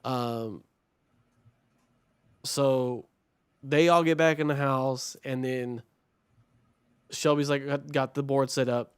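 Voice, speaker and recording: A man's voice: medium pitch, fairly even intonation, takes it slowly, long pauses, clean tone, dry recording. A man co-hosting a podcast, recapping a movie plot in a rambling, profane way, full of "like" and acted-out quotes. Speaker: podcast co-host.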